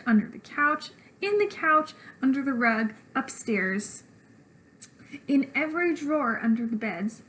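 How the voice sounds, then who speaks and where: Expressive woman teacher reading aloud. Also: high voice, poor audio. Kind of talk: reading a children's book aloud.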